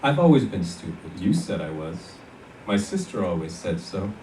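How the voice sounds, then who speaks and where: A rough young soldier, blunt and bitterly self-mocking, as a man reading a story aloud gives him voice. The voice sits a bit low and comes from well back from the mic. A roomy hall echo and faint ambient noise hang around every line. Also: big pitch swings, normal speed, mellow. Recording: echoey hall from far off.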